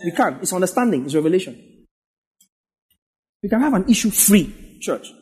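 Husky high-voiced pastor preaching. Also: male voice, very animated, normal speed, long pauses, a little mellow. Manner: emphatic, repetitive exhortation with frequent "yeah?" to the congregation. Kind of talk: sermon.

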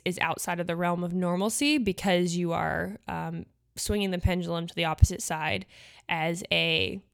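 A young woman from the Midwest hosting a podcast, talking casually and chattily with lots of fillers and asides. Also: lowish voice. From Nebraska. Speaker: podcast host and pageant coach. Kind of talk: casual solo podcast talk.

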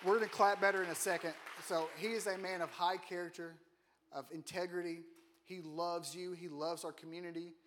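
Man, high voice, casual sermon, jokes, quizzes the congregation, church auditorium. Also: fairly even intonation, fairly quick, fairly bright tone, some chatter behind, slight background noise. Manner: joking, asks the congregation questions. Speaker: guest preacher.

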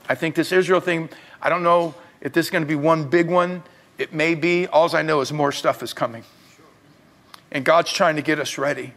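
A middle-aged male pastor preaching a sermon, swinging between loud urging and quiet, confessional talk. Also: a little high, vocal fry.

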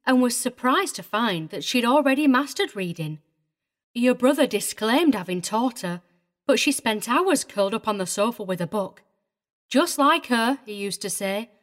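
A prim, tearful middle-aged governess, played by a woman in an audiobook drama. She sits a touch high in pitch and talks in an agitated, wavering way, primly proper even when upset. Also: normal speed, lightly acted. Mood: vehement, tearful.

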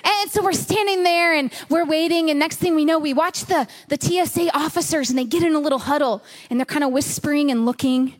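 A woman pastor telling a vivid story to her congregation, animated and dramatic, dropping to a hush at tense moments. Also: sits high, fairly quick, few pauses. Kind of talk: storytelling sermon. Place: church stage before a congregation.

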